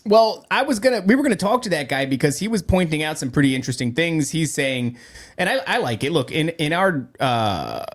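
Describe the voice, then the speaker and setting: A man's voice: on the high side, sing-song, fairly quick. A man hosting a podcast in casual chat, rambling and joking with many restarts. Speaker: podcast host.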